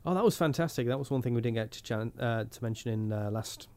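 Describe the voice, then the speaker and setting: A man's voice: mid-range voice, quick pace, a little mellow, a little hiss or hum. A man hosting a podcast in a casual, rambling chat, laughing often. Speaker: podcast host.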